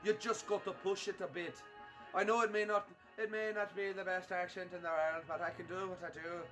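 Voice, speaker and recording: A man's voice: high voice, level tone, fairly quick, a bit bright, soft background music. A man putting on a thick Scottish accent as a defiant young man who lectures his listener.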